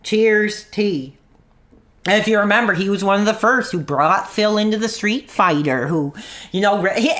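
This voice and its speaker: Into his own desk mic, a man with a high, slightly bright voice streams an angry rant. He swears and mocks, then apologizes for his language.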